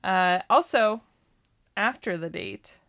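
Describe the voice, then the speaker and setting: A woman's voice: mid-range voice, slow pace, creaky, a bit bright. A woman co-hosting a casual podcast movie review, chatty and exasperated as she recounts scenes. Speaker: podcast co-host.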